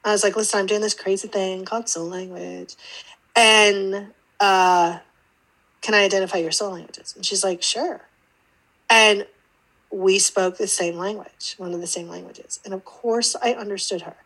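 Her voice sits in the mid-range with a breathy edge, moving at normal speed, and the recording quality is low. As an intuitive teacher appearing on an interview podcast, she relates her story in a relaxed way, animatedly performing the voices of the people she quotes.

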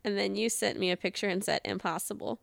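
A woman's voice: medium pitch, fairly even intonation, fast talker, gravelly, no echo. A woman hosting a casual podcast chat, giggling often and reading old messages aloud in playful voices. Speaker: podcast host.

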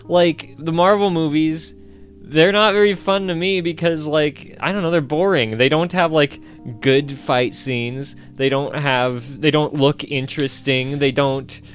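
A man's voice: fairly high pitch, steady tone, measured pace, faint music behind. A man chatting casually about movies, rambling with many filler words. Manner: rambling, heavy use of "like" fillers. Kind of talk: casual chat.

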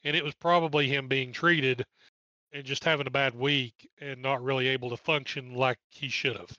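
A man's voice: medium pitch, steady tone, moderate pace, bright, forceful tone, no room sound, highs cut off. A man with an East Tennessee accent, co-hosting a podcast and chatting wryly through an old race recap. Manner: chatty, wry, jokes between driver lists. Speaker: podcast co-host. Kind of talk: casual race recap commentary.

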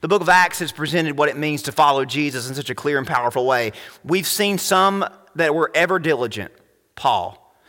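A male pastor preaching a sermon, animated and full of rhetorical questions, swinging between loud and hushed. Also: fairly high pitch, normal speed, long reverb tail.

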